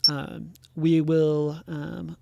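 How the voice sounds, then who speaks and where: A game master wrapping up a tabletop session, talking in a relaxed, rambling way. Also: mid-range voice, drawn-out words, vocal fry, dry recording, dull audio. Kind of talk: casual game master narration.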